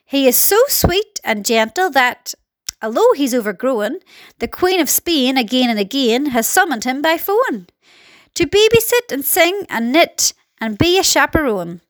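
A woman's voice: high voice, big pitch swings, unhurried, no room sound, studio quality. A woman voicing a cheerful, friendly small boy in a storybook reading, speaking earnestly and in a sing-song way. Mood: proud, rhyming.

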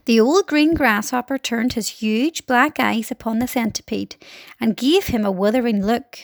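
A woman reading a children's storybook aloud with expressive narration. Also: a little high, normal speed, no room sound, clean studio sound.

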